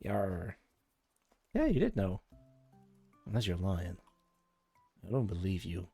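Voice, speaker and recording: A low-voiced man chatting on a live stream, wandering from tangent to tangent as he thinks aloud. He talks casually to his viewers, with faint music playing behind him. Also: huge pitch swings, a little slow, mellow, slightly rough. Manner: rambling, thinking aloud, talking to chat.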